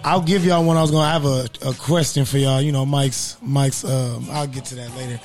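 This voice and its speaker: A man's voice: medium pitch, steady tone, brisk, a little mellow. Blunt man pressing his point. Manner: blunt and insistent, repeats himself. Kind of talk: casual sports debate.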